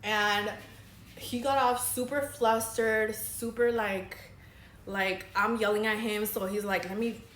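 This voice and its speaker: A woman's voice: mid-range voice, steady tone, slow, a bit bright, roomy sound, slight background noise. A young woman, a makeup artist, telling a dramatic story in casual, chatty vlog style. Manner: chatty, dramatic, says girl a lot.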